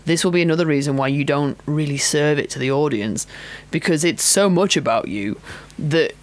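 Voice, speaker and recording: A woman's voice: deep voice, normal speed. A chatty woman talks straight to her listeners as a pole dance coach and podcast host. She is frank and easygoing, breaks into self-mocking laughs, and fills her sentences with ums and likes. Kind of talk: casual solo podcast talk.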